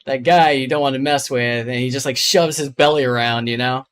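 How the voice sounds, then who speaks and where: A man hosting a casual gaming chat, playful and quick to laugh, often stumbling over repeated words. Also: medium pitch, steady tone, a bit bright, clear, resonant tone. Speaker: host.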